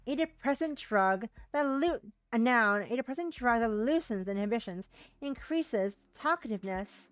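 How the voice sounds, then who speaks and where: A woman's voice: a little high, no echo. A woman streaming a game, reading its text aloud and chatting casually, swearing freely as she thinks aloud.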